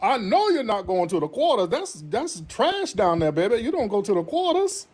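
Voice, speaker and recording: A man's voice: high voice, sing-song, darkish tone, breathy edge, faint music behind, pitched above the performer's own voice, heavily acted. A man putting on a sassy New Orleans local who scolds and calls everyone baby. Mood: scolding. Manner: sassy, insistent, drawn-out. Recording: noisy stream audio.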